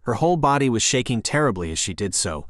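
A man narrating a scary story in a calm, measured, scripted way. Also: mid-range voice, no room sound, studio quality.

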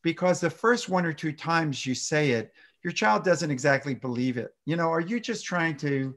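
A man, a pediatrician guest, explaining parenting advice in a lively way and acting out example conversations. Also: on the high side, moderate pace. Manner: lively, acts out example dialogue in exaggerated voices.

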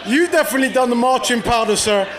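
Man, stand-up comic, brash and profane, very high voice, faint crowd noise. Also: animated, quick pace. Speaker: stand-up comedian. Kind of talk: stand-up comedy set. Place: comedy club stage.

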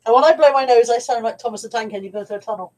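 A woman's voice: fairly high pitch, rapid-fire, darkish tone, a little hiss or hum, low-quality recording. A woman with a stuffy head cold, chatting in a rambling, self-mocking way on a live stream from home. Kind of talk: casual live-stream chat.

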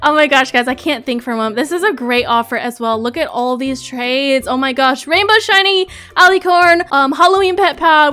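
A young woman doing gameplay commentary as a YouTuber, excitable and gushing, often apologetic. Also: sits high. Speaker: gaming YouTuber.

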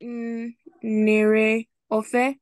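A woman student answering haltingly in class. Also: fairly high pitch, completely flat delivery, clean tone, dry recording, clean studio sound.

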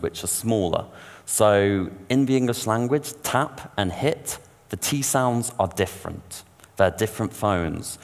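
A man giving a technical conference talk, explaining in a casual, informal way with slang asides. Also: deep voice. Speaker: conference speaker. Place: conference hall. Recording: long reverb of a large hall.

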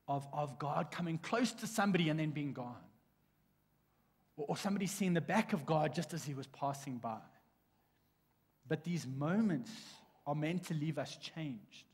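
A man preaching a sermon in a church, telling stories in a lively way with frequent restarts. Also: a little high, breathy edge. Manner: animated storytelling with restarts. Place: church sanctuary. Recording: long church hall reverb.

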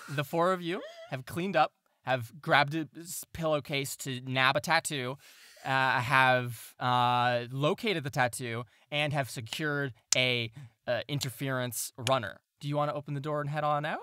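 A man narrates a tabletop role-playing game as its game master, in a bright, forward voice. His delivery is loose and conversational, full of fillers and restarts. The recording is dry and close. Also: medium pitch, fairly even intonation, a little slow, dry recording.

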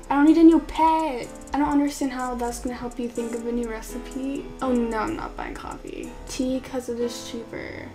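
A young woman giving casual, confused, exclamation-filled commentary while playing a game for the first time. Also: fairly high pitch. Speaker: gaming YouTuber. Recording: clear background music under voice. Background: background music.

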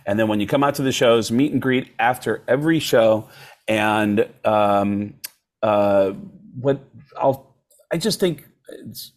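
A man's voice: fairly low pitch, measured pace. A male comedian guest telling stories in a casual podcast chat and slipping into voices as he goes. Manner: animated storyteller who slips into voices.

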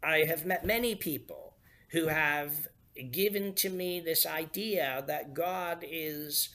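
A man pastor giving a sermon, unhurried and leaning hard on key words. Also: fairly high pitch, pushed and bright.

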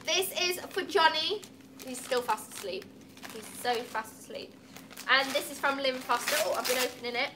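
A woman's voice: high voice, moderate pace, noisy background. A woman opening gifts at a cat cafe, chatting casually and cooing at the cats. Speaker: cat cafe staff member.

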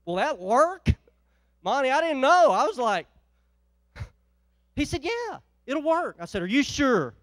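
A male pastor preaching a sermon, telling a folksy story and swinging from loud exhortation to quiet, chatty asides. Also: very high voice, big pitch swings, a little slow, long pauses, no echo. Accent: Northeast Ohio.

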